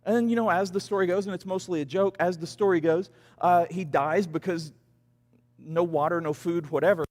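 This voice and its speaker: A man's voice: high-pitched, brisk, a little mellow. A man leading a church youth group, casually rambling through a Bible story and acting out the people in it. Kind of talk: youth devotional talk. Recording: long church reverb.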